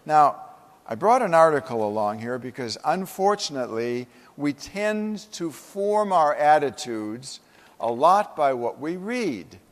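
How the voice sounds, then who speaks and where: A man's voice: fairly high pitch, big pitch swings, measured pace. Man giving a keynote in an echoey hall. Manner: storytelling, humorous, emphatic. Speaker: keynote speaker. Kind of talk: motivational keynote speech. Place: conference hall.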